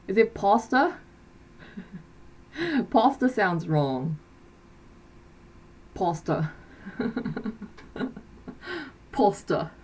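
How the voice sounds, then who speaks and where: A woman's voice: mid-range voice, sing-song, drawn-out words, pauses often. A woman musician chatting casually on a livestream, hesitant and rambling, with many fillers and frequent giggles. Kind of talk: casual live-stream chat.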